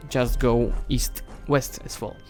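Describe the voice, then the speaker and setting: A man streaming a strategy game, thinking aloud and chatting to the nations and armies on screen, his voice going hoarse. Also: medium pitch, steady tone, slow pace, a little mellow, faint music behind. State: losing his voice. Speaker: gaming streamer. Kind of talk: live strategy game commentary.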